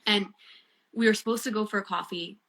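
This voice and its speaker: A woman, a guest and bereaved mother, telling a personal story in casual chat, earnest and animated with many fillers. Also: medium pitch, brisk. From Canada.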